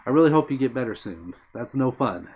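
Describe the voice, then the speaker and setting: Friendly male streamer reading chat aloud, mid-pitched, casual and rambling, dull lo-fi mic. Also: expressive, fairly quick, slight background noise. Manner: friendly, meandering, answers chat by name. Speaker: livestream host.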